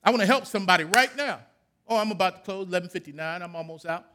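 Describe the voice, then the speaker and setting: A man, preaching a sermon that swings from low, quiet talk to loud shouted calls. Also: quick pace, slight background noise. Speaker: pastor.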